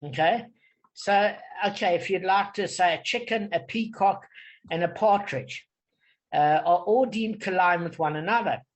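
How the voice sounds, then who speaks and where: A man's voice: sits high, unhurried, poor audio. A man leading an informal online study group, explaining texts patiently and checking in with "okay?". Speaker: Talmud study leader.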